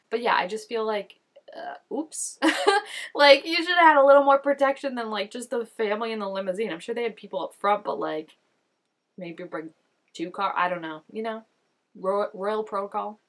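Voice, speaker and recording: A woman's voice: mid-range voice, lively intonation, normal speed, a bit bright. A young woman giving casual reaction commentary, chatty and full of "like", gasping and exclaiming as she watches. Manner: chatty, lots of "like", gasps and exclaims while watching. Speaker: reaction vlogger.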